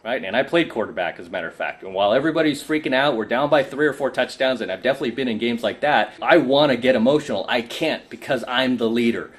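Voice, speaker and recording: A man's voice: medium pitch, quick pace, few pauses. A man coaching other men in a casual vlog monologue, emphatic and preachy, often asking "right?", and tired from too little sleep. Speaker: men's coaching YouTuber.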